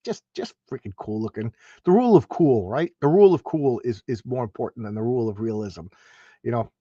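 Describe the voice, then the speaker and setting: A man's voice: medium pitch, expressive, fairly quick, dark tone, no echo. Rambling man talking comics, dull lo-fi sound. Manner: rambling, enthusiastic, many restarts and asides. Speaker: comic book show host. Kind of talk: casual page-by-page comic review.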